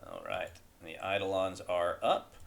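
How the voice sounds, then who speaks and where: Brief: low male game master, casual, reads rules quickly, easy chuckles. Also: sing-song, vocal fry, slight background noise. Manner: casual, rattles through rules text, chuckles often. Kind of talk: running a tabletop game.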